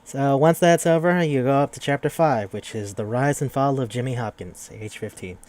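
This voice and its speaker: A man's voice: medium pitch, normal speed, darkish tone. A young man casually recapping a video game's story on a podcast, rambling and swearing as he acts out the characters' lines. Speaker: podcast host.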